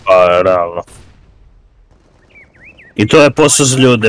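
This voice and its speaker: Excitable man calling game directions. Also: lowish voice, slow pace, slight background noise. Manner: calls directions, excitable, swears. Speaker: player. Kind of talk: casual game voice chat.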